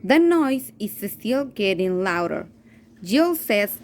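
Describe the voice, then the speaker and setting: Slow, careful woman reading a story aloud. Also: medium pitch, very animated, a little mellow, slight background noise. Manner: careful, halting read-aloud with restarts and repeats. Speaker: teacher. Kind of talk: reading a story aloud slowly, then in Spanish.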